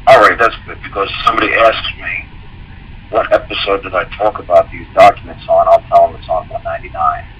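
A man's voice: deep voice, steady tone, fairly quick, lo-fi sound, a little hiss or hum. A man, a guest on a call-in show, explaining at length in a rambling, repetitive way and acting out anecdotes in quoted dialogue. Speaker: guest speaker.

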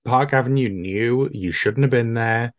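A man's voice: medium pitch, measured pace, dull audio. A man chatting on a podcast with a dry, teasing sense of humor. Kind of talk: casual podcast chat.

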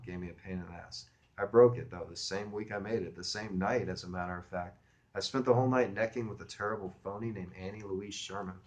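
Low-voiced man reading a novel aloud. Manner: conversational, wry storytelling. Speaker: reader and teacher. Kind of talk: audiobook narration in first person.

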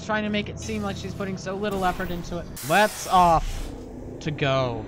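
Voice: medium pitch, moderate pace, background noise. A let's player giving casual gameplay commentary, rambling and jokey, with playful asides. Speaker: video game let's player.

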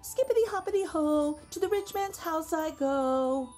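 A woman's voice: extremely high pitch, slow pace, a little mellow, faint music behind, voice pushed up. A woman voicing a cheeky magic wok that chants a sing-song rhyme.

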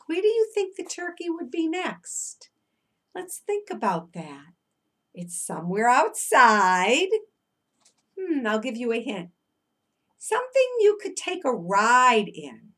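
A woman's voice: fairly high pitch, very animated, takes it slowly, fairly bright tone. A middle-aged woman teacher reading a picture book aloud to young children, chanting refrains and asking coaxing questions.

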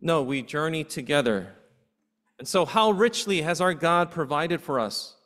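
A man's voice: a little high, expressive, unhurried, fairly bright tone. A man pastor preaching a sermon earnestly, asking his congregation rhetorical questions. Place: church sanctuary. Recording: long hall reverb in a church.

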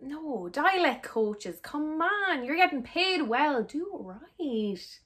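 A woman's voice: high voice, slow. A young woman with an Irish accent, chatting sarcastically and animatedly as she reacts to a film trailer. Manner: sarcastic and animated, mock-exasperated. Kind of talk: casual reaction chat.

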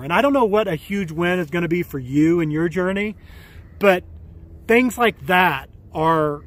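A man's voice: high-pitched, expressive, measured pace. A man in his forties telling a personal story to camera outdoors by a pool, rambling with many fillers and restarts. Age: 40s. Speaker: vlogger.

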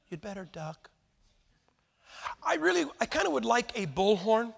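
A man in his sixties delivers a folksy sermon, throwing rhetorical questions at his listeners. His voice sits high and gravelly. A long hall reverb trails behind every phrase. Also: sing-song, a little fast, a bit bright. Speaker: preacher.

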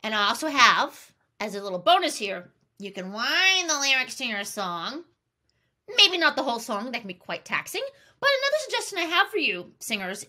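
A woman singing teacher giving an upbeat, encouraging vocal lesson with sung warm-up exercises over piano. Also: on the high side, very animated, normal speed. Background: piano accompaniment.

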